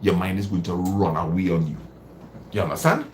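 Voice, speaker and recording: A man's voice: low voice, steady tone, fairly quick, slight background noise. A man hosting a live stream, giving casual motivational advice, repeating phrases for emphasis and answering viewer comments. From Trinidad and Tobago.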